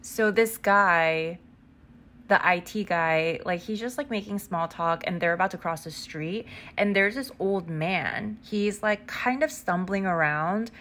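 A woman's voice: on the low side, a little slow, a bit bright. A woman hosting a podcast, casually recapping a book as she keeps rambling off topic, full of "like" and casual swearing. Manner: rambling, sidetracked, heavy "like" filler. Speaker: podcast host.

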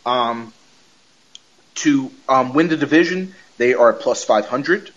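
A man's voice: mid-range voice, takes it slowly, fairly bright tone. A young man hosting a casual sports podcast, rambling with stuttered restarts and laughing at his own jokes. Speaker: podcast host. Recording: lo-fi podcast audio.

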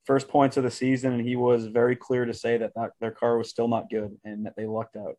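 A man co-hosting a casual sports podcast, relaxed as he gives betting tips. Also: medium pitch, brisk. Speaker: podcast co-host.

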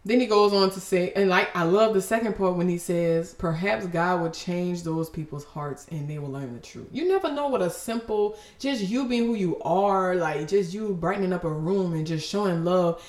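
A woman's voice: fairly low pitch, normal speed, few pauses, echoey room. A woman hosting a podcast and giving an emotional devotional talk, fervent and preachy, breaking off with exclamations.

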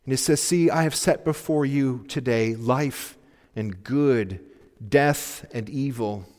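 A male pastor preaching a sermon, earnestly urging his listeners and dropping to soft pleas. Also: medium pitch, slow pace. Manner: earnest, pleading exhortation with sudden soft drops. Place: church sanctuary. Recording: long reverb of a church hall.

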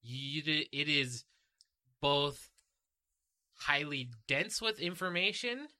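A man hosting a casual podcast chat about a film, talking in an animated, rambling way. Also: on the high side, slow pace. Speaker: podcast host.

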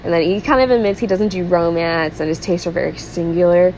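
A woman's voice: fairly low pitch, brisk, a little mellow, a little hiss or hum, low-quality recording. A young woman co-hosting a podcast, casually recapping a film in a chatty style, full of fillers, frequent laughs and swearing. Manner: chatty, peppered with "like", laughs often; swears freely. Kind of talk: casual chat.

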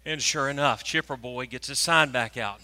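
A preacher, telling a story in a sermon and swinging from hushed tones to loud, animated moments. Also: male voice, medium pitch, normal speed. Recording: long reverb of a large hall.

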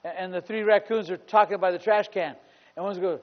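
A man with a very high voice preaching with emphatic repetition, his lines swelling into loud declarations. The sound is dull and muffled, carried in a long echo of a church hall. He leans on each phrase and repeats it. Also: fairly even intonation, a little fast. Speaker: pastor. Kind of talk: sermon.

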